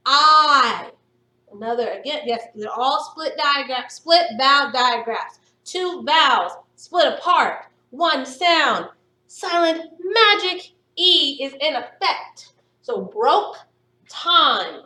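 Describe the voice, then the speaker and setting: Woman phonics teacher, high voice, slow and encouraging, recorded off-mic in a roomy space. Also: lively intonation, sharp tone, distant mic. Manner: slow, stretched-out sounding of words for young pupils; encouraging, upbeat praise. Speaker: primary school teacher. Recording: echoey room, voice somewhat off-mic.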